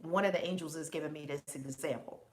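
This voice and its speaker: A woman's voice: sits low, fast talker, a little hiss or hum. A woman hosting a live stream as a spiritual teacher, talking casually and with animation, laughing often and calling out viewers by name.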